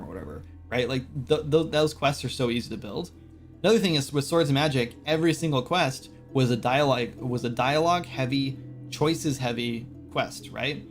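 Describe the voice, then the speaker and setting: A man's voice: mid-range voice, animated, normal speed, faint music behind. A man hosting a casual game-development live stream, rambling with lots of "like" and "right?" fillers. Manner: quotes game characters in brief voices.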